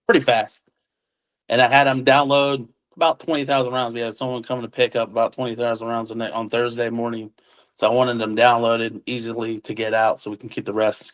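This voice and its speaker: In a low-quality recording, a man with an ordinary-pitched voice recounts an encounter he witnessed, telling it loosely and conversationally. He acts out the voices of the people he quotes and sprinkles in relaxed military slang.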